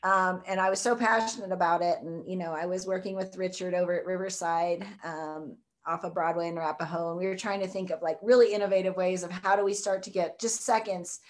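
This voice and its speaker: A woman's voice: on the low side, steady tone, fairly quick, few pauses. A woman, talking enthusiastically as an interview guest, rambling with lots of fillers. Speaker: guest, food truck co-owner. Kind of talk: casual interview chat.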